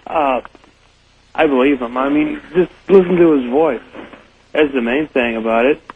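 A man's voice: mid-range voice, moderate pace, slight background noise. A man calling in to a radio show, earnest and a little hesitant. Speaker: caller. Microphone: telephone. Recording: tinny phone line.

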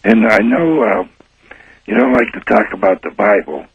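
A man's voice: lowish voice, animated, normal speed, gravelly, breathy edge, no room sound. A man from Ohio calling in to a radio show, hesitant and searching for words. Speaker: caller. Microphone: telephone. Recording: tinny phone line.

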